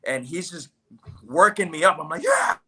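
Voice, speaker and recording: A man's voice: a little high, normal speed, slightly rough. A man chatting as a podcast guest, telling a story with lots of acted-out quotes. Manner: animated storyteller, acts out quotes. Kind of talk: casual podcast chat.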